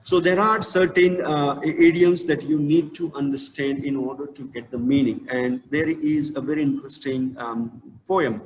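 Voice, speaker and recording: An Indian English man teaching literature in a fairly high voice, full of "uh" and "um". His lecture rings through a roomy space with a long reverb tail and faint background noise. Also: steady tone. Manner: hesitant, many fillers and restarts; slow stressed reading of verse. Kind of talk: online lecture.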